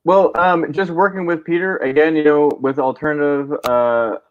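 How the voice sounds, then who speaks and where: A man's voice: a little high, fairly even intonation, normal speed, no room sound, phone-quality sound. A man appearing as a guest on a casual livestream, explaining things in a laid-back way with many fillers. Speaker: comic creator guest.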